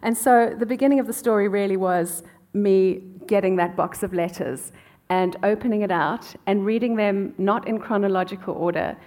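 A middle-aged woman from South Africa, an author telling her family story in an interview, with many pauses and "um"s. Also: mid-range voice. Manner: warm storytelling with frequent "um" pauses. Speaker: author and guest. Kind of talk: conversational interview answers.

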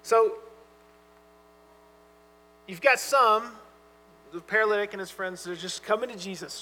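A man preaches with an earnest, emphatic delivery, his voice high and bright. He drops to quiet, tender asides for quoted lines. The sound carries a long hall reverb over a faint mains hum. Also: measured pace, long pauses. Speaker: pastor. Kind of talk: sermon.

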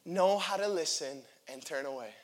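Young male preacher, high voice, lively sermon delivery acting out scripture characters. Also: moderate pace. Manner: animated, acts out the figures in quotes.

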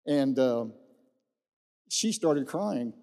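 A man's voice: medium pitch, lively intonation, very slow, warm tone. A middle-aged man, a pastor, giving his personal testimony as a folksy storyteller who repeats phrases for emphasis. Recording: long reverb in a large hall.

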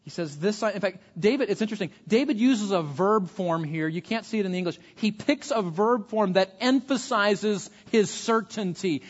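A man with a fairly high voice delivers an earnest sermon, restarting his sentences with repeated words. He sounds like a pastor speaking to a congregation. The recording is muffled and carries a long hall echo. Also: normal speed, few pauses.

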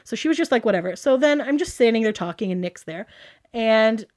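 A woman from the Toronto area, talking in a casual, gushing way that is packed with "like" and acted-out quotes. Her voice sits a little high. She tells her story to an interviewer. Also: expressive, fairly quick, darkish tone. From Toronto area, Canada. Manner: chatty, gushing, full of "like" and quoted dialogue. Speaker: guest.

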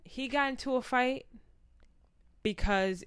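Her voice sits high and clean as she slowly recounts a personal story, candid and animated, quoting the dialogue of people involved. The studio recording is clean, with no echo.

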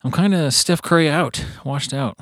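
A man's voice: a little high, normal speed, fairly bright tone, dry recording. A man co-hosting a casual podcast chat in a studio, blunt and jokey, laughing a lot. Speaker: podcast co-host.

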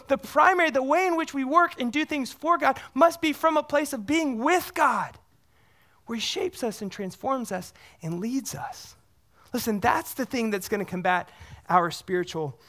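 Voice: sits high, a bit bright. A pastor preaching a sermon, earnest, often asking the congregation questions and repeating words for emphasis.

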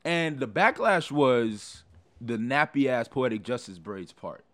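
A man's voice: mid-range voice, slow pace. A man hosting a casual podcast, telling stories with lots of laughter and swearing. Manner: animated storytelling, laughs often, profane. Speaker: podcast host.

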